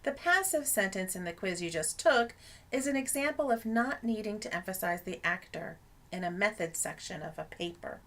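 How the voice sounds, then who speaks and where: A woman narrating a scripted lesson on academic writing as an instructor, in a clear explanatory teaching tone. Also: medium pitch, expressive, moderate pace, a bit bright.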